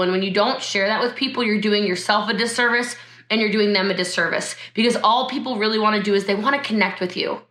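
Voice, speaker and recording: A woman's voice: medium pitch, fairly bright tone, echoey room. A woman giving a motivational talk on network marketing over a video call from her home, emotional and laughing as she speaks straight to her viewers.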